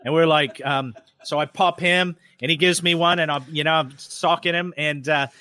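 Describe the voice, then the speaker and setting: A man on a casual podcast telling a profane, animated story about his past, with lots of restarts and swearing, in a studio. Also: a little high, normal speed. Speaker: podcast guest. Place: radio studio. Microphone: studio microphone.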